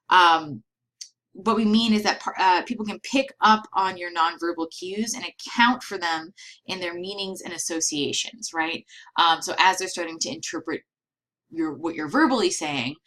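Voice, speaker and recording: Woman, lecturer, bright tone, lowish pitch, explanatory, filler words. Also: slight background noise, rough recording. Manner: explanatory, frequent fillers and "right?" checks. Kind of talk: recorded lecture.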